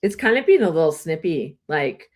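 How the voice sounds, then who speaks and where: A woman co-hosting a casual podcast chat, relaxed and easy to laugh, reading questions aloud. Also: deep voice, moderate pace, breathy edge. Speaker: co-host.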